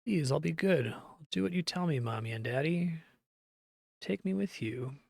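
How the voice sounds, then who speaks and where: A man voicing a frail, dying little girl with a high, childlike voice. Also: expressive, moderate pace, vocal fry, a bit bright, slightly rough, dry recording, clean studio sound, exaggerated voice. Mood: pleading.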